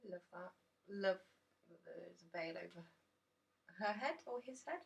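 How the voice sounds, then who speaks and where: A woman's voice: lowish voice, lively intonation, measured pace, gravelly, distant mic. A woman chatting enthusiastically and rambling casually about a tarot deck in a dim room.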